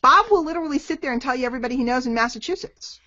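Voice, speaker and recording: On a live webinar, a middle-aged woman with a fairly high voice fields marketing questions, racing along in a lively, animated style. She acts out brief exchanges between people. The audio is dry and somewhat dull, like a web call, with no room sound.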